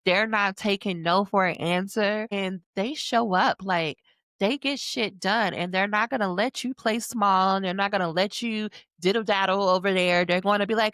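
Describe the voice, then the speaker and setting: A woman dissertation coach giving a casual, frank, emphatic motivational pitch, talking straight to the listener and slipping into other people's voices for quotes. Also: moderate pace, fairly bright tone, dry recording. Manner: casual, frank, uses slang. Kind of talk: motivational sales pitch to camera.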